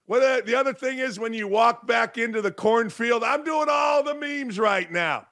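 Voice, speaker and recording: An older man hosting a sports show, ranting loudly and sarcastically with mocking impressions. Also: extremely high pitch, normal speed, hardly any pauses. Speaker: sports radio host.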